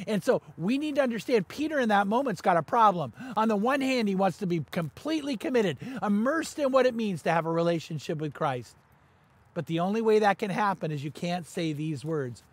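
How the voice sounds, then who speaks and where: A man preaching a sermon as pastor, animated and quick to raise his voice for emphasis. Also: sits high, breathy edge, no echo.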